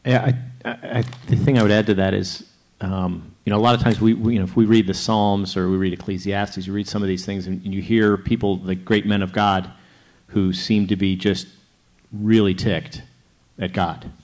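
A man's voice: fairly low pitch, level tone, moderate pace, darkish tone. A man on a church Q&A panel talking candidly and conversationally, now and then chuckling as he explains. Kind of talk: panel discussion.

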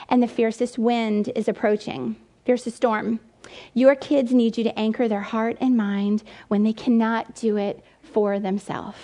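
A woman's voice: a little high, darkish tone. Earnest woman sharing a faith talk. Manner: earnest, emotional storytelling. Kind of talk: faith talk with personal stories.

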